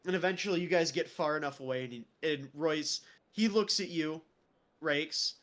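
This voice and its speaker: A man narrating as game master on a livestream, playful and quick to laugh. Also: on the high side, fairly bright tone.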